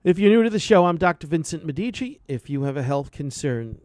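A man's voice: on the high side, lively intonation, fairly quick, few pauses, darkish tone, no echo, clean studio sound. Preachy man hosting a radio health show. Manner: preachy, repetitive, emphatic. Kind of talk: impassioned radio monologue.

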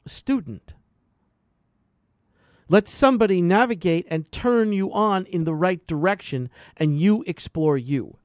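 A man's voice: high voice, moderate pace, hardly any pauses, no echo, clean studio sound. Preachy man hosting a radio health show. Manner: preachy, repetitive, emphatic. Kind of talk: impassioned radio monologue.

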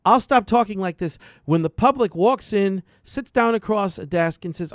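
A man's voice: sits high, animated, moderate pace, few pauses, dry recording, studio quality. Preachy man hosting a radio health show. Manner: preachy, repetitive, emphatic. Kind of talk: impassioned radio monologue.

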